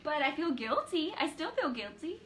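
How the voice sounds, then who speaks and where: A woman's voice: high voice, sing-song, normal speed, a bit bright, a little hiss or hum. A woman co-hosting a faith-based parenting chat, telling candid, self-deprecating stories about her kids. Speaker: co-host.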